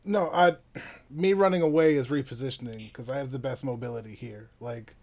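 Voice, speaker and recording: A man's voice: mid-range voice, fairly quick, a little mellow. A man playing a tabletop game who talks casually, rambling, swearing and laughing between restarts. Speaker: player.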